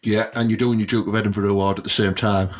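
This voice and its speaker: A man's voice: on the low side, little pitch movement, fast talker. A man, hosting a comedy podcast in a crude, cheeky, self-promoting manner. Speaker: podcast host.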